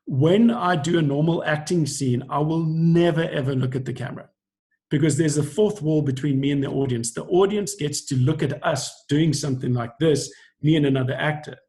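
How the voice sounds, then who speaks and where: A man's voice: on the high side, normal speed, warm tone. Earnest middle-aged male acting coach. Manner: earnest, explanatory, acts out quoted lines. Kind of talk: coaching talk to preachers on a video call. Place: indoors on a video call. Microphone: video call.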